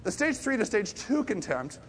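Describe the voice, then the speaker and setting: A man with a high, bright-sounding voice delivers a sermon as if talking with friends. He moves from quiet to loud emphasis as he tells stories. He pokes fun at himself, and a faint rumble sits behind him. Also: moderate pace. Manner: lively storyteller, swings between hushed and loud emphasis; self-deprecating asides. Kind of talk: conversational sermon.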